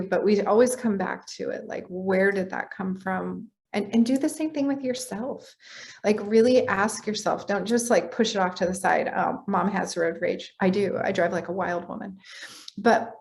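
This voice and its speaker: A woman's voice: mid-range voice, a little mellow. A middle-aged woman speaking as a guest in a casual podcast interview, blunt and profane, often acting out her own thoughts in quotes. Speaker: guest, coach.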